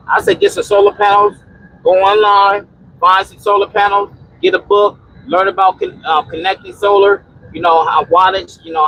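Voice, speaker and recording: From the cab of his truck, a man hosts a casual trucker and homesteading livestream on a phone mic, preaching about preparing and answering chat. He rambles and repeats, frequently restarting and saying "you know." His voice is high-pitched and a bit bright with vocal fry, in a rough recording with a little hiss or hum.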